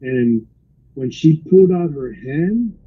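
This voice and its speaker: A slow, slightly rough voice on the high side comes through with phone-quality sound. It belongs to a rideshare driver casually recounting a wild story inside his car, animated as he quotes riders and keeps saying "bro."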